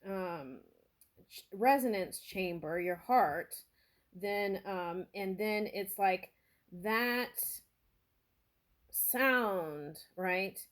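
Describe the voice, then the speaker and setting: A woman gives a spiritual tarot reading in an unhurried, earnest way. She thinks aloud, pausing and circling back, and lets her emotions come through as she speaks. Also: mid-range voice. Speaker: tarot reader.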